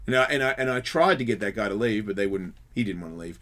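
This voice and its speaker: A man hosting a radio show, telling a story in a casual and lively way, swearing freely and acting out the other people's voices. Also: on the low side, quick pace. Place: radio studio.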